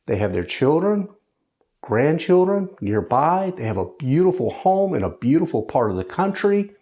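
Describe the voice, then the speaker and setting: A man speaks in a lively voice whose pitch swings up and down as he talks. He sounds conversational and wry, slipping into sarcasm, a widower now living alone and talking about his grief. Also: normal speed. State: widowed, grieving. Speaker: host. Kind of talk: personal monologue.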